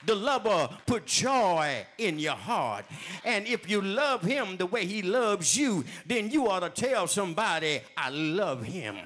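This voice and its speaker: A man preaching a sermon, speaking straight to his congregation, with repeated refrains that build up to shouting. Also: high voice, lively intonation, unhurried. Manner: addresses the congregation directly, calling for testimony.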